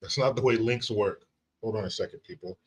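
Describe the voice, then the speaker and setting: A man hosting a casual livestream, reading out viewer comments and greeting people by name in an animated, profane way. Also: lowish voice, fairly quick, very noisy. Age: adult father of young children. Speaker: livestream host.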